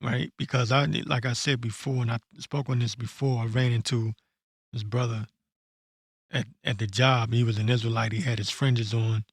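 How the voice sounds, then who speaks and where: A man ranting bluntly and profanely in an unscripted commentary, stopping to read verses slowly and correct himself. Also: mid-range voice, fairly even intonation, no room sound, clean studio sound. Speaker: online commentator. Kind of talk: blunt unscripted rant with scripture reading.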